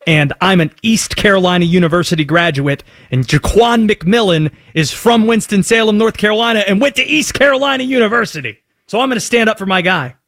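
A man's voice: sits high, brisk, a bit bright. A man hosting a sports talk radio call-in show, bantering and teasing callers.

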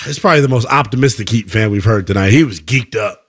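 A man's voice: lowish voice, fast, slightly rough. A male sports radio host taking calls, bantering in a casual, slangy way.

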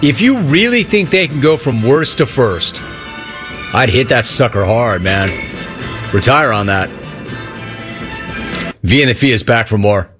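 A man's voice: mid-range voice, expressive, unhurried, long pauses, over music. A man hosting sports talk radio, telling a rambling, jokey story and acting out the voices in it. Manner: rambling, jokey, acts out the voices in his stories.

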